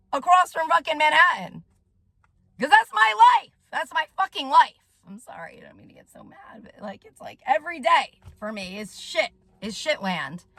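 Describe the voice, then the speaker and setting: A woman talks straight to her viewers in a heated, swearing rant and keeps punctuating her points with "okay?". Her voice sits high and sounds bright and sharp. The sound is dry and close, with no room echo. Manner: agitated, profane, tags sentences with "okay?". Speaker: vlogger and soul coach. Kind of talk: direct-to-camera rant.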